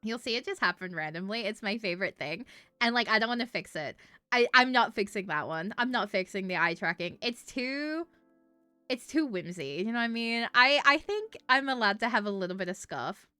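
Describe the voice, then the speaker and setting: A woman's voice: mid-range voice, animated, fairly quick, sharp tone, smooth, dry recording, faint music behind. A woman streamer chatting casually, giggling often and swearing freely.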